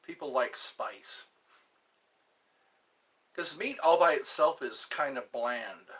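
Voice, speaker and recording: A man's voice: medium pitch, animated, slow pace, bright, forceful tone. A man hosting his own casual vlog, musing aloud and drifting from one topic to the next. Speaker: channel host. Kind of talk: casual solo vlog chat. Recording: voice a bit far from the mic.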